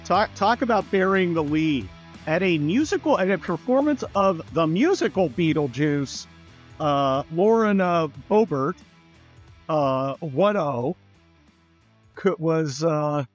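A man's voice: a little high, lively intonation, slow pace, highs cut off, faint music behind. A man hosting a podcast in casual political chat, rambling with many fillers and blunt, profane remarks. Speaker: podcast host.

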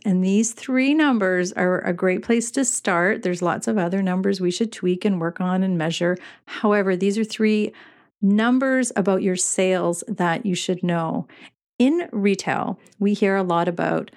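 A woman's voice: medium pitch, darkish tone. Woman, middle-aged, podcast host, casual monologue, chatty, earnest, mid-range voice. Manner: chatty and earnest, many fillers, laughs often. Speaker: podcast host and retail business coach.

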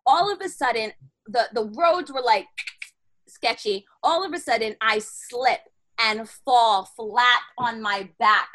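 A woman guest telling a personal story in animated, slangy conversation, acting out her own inner dialogue. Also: a little high, moderate pace. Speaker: podcast guest.

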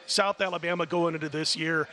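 A man's voice: fairly high pitch, a little fast, a little hiss or hum. A middle-aged man guesting on a sports betting radio show, rambling through stories in casual chat. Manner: rambling storyteller, chatty and animated.

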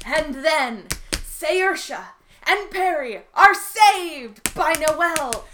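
A grandiose young dancer with a high voice that swings wildly, as a woman plays her. She speaks slowly and grandly, with audible noise behind her. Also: animated, exaggerated voice. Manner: grandiose, declaiming. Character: dramatic young woman performing a water dance.

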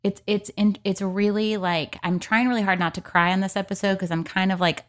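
A woman guest on a podcast, talking in an earnest, halting way with lots of fillers in casual chat. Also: mid-range voice, flat delivery.

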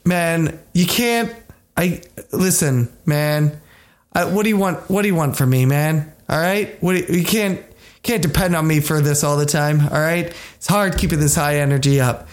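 A man's voice: a little high, moderate pace. A man in his thirties hosting a podcast, ranting in a rambling, exasperated, profane way. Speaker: podcast host. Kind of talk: casual chat.

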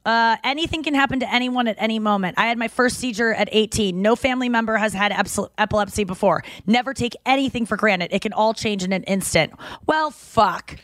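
This podcast host talks fairly quickly in a fairly high, slightly bright voice, recorded without echo in a makeshift home studio. She keeps things casual, swearing without restraint and performing the lines of the characters in her anecdotes.

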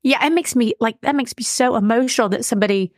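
A woman's voice: fairly high pitch, quick pace, no room sound, clean studio sound. A woman co-hosting a podcast, talking in a chatty, heartfelt way with plenty of fillers. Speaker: podcast co-host. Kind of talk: casual chat.

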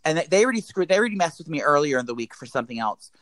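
A man's voice: a little high, very fast, no echo. A man telling a rambling, profane story as a podcast co-host. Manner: rambling, profane, animated retelling. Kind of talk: casual storytelling chat.

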